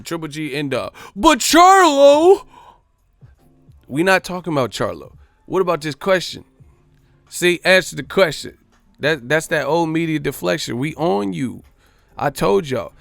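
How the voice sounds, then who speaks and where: A man's voice: fairly high pitch, gravelly, fairly bright tone, dry recording. A man hosting a boxing live stream, ranting in a profane, mocking, repetitive way.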